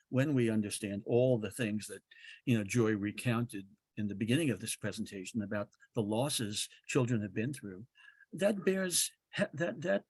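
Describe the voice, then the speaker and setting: A man presents a training webinar in an earnest, animated way, often restarting his sentences. His voice sits in a middle pitch, and it is captured close and dry over a video call mic with no room sound. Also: no room sound.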